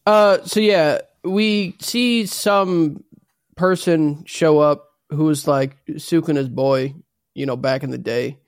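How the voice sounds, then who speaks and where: A podcast host with a slightly high voice retells an anime episode at a slow pace, in casual, profane chat, laughing and acting out the lines. The recording is dry, with clean studio sound.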